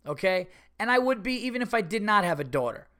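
A middle-aged podcast host with a high voice talks fast in a bright, forceful tone, his pitch swinging widely. He rants alone on his casual podcast, profane, repetitive and emphatic.

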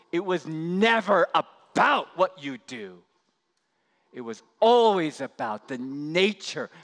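Emphatic preacher in a reverberant hall. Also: male voice, a little high, fairly bright tone. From United States. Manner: impassioned, emphatic preaching with repetition. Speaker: pastor. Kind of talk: sermon. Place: church sanctuary.

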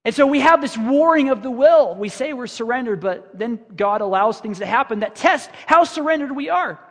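A man's voice: extremely high pitch, expressive, moderate pace, fairly bright tone. A middle-aged man preaching a sermon as pastor, conversational and self-deprecating, acting out his own prayers. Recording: reverberant church hall.

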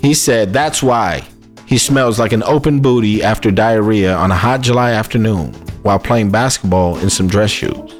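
A man's voice: on the low side, normal speed, faint music behind. A man co-hosting a radio podcast in casual chat, laid-back and reading listener comments aloud with emphasis. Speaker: podcast co-host. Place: podcast studio.

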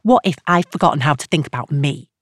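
A woman's voice: deep voice, lively intonation, fast, slightly rough, dry recording, clean studio sound. A woman narrator voicing a shaky, bitter middle-aged woman calling a radio advice show, her tone brittle and snappish. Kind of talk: audiobook character reading.

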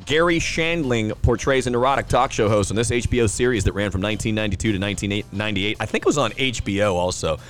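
Low-voiced man hosting pub trivia. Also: fast talker, few pauses, a bit bright, soft background music. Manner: upbeat announcer who repeats each question and banters between rounds. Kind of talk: casual podcast quiz announcing.

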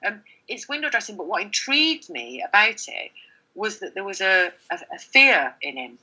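Middle-aged woman journalist talking frankly, kinda husky, lotsa ums and restarts. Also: mid-range voice, moderate pace, poor audio. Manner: candid and animated, many fillers and restarts. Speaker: journalist, interview guest. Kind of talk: conversational interview.

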